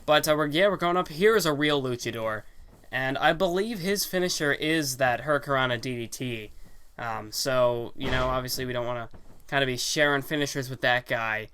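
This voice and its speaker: Game music runs behind a young gaming channel host as he rambles casually about a wrestling video game. His mid-range voice is pushed and bright with a clean tone at normal speed, and he uses plenty of fillers and corrects himself often.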